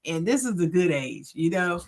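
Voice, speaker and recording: A woman's voice: lowish voice, sing-song, moderate pace. An older woman, a grandmother, co-hosting a podcast in casual, rambling chat. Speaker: podcast co-host.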